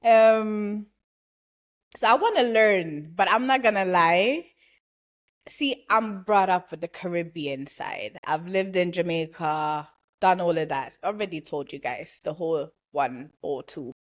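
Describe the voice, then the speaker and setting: A woman's voice: on the low side, measured pace. A young woman from Ghana hosting a podcast, chatting casually, laughing often and dropping into Caribbean slang. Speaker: podcast host. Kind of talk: casual chat.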